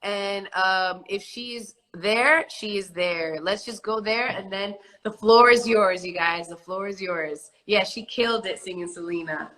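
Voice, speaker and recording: A woman's voice: mid-range voice, unhurried, few pauses, sharp tone, poor audio. A woman with a New York accent hosting a casual livestream chat, loose and chatty, laughing often. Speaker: host. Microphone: phone on a livestream video call.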